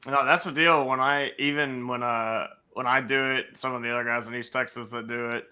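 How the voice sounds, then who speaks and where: A man hosts a relaxed fishing talk, trading jokes with his guests. His voice is bright and forceful, sitting at an ordinary pitch. He keeps the talk light and upbeat. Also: a little fast, smooth. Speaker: host. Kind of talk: casual fishing chat.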